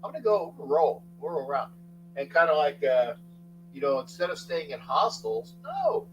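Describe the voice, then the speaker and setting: A middle-aged man hosting a casual sports talk livestream, rambling, thanking chatters by name and breaking into sudden loud outbursts. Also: on the high side, animated, moderate pace, lo-fi sound, slight background noise. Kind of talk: casual live chat with viewers.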